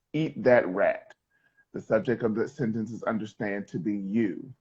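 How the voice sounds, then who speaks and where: A man's voice: fairly low pitch, a little mellow, dull audio. A male middle school teacher explaining sentence types, joking and quizzing his students. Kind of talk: classroom lesson.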